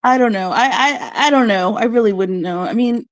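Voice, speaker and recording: A woman's voice: a little high, brisk, no room sound. A woman from the Southern United States, a guest on a live chat panel, agreeable and a little hesitant. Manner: agreeable and hesitant, often says yeah and I don't know. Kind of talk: casual gossip chat.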